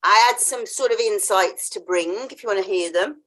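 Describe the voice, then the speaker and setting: A woman's voice: medium pitch, normal speed, a bit bright. A woman hosting a podcast interview, chatting casually and telling a story, acting out the voices she quotes and laughing often. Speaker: podcast host.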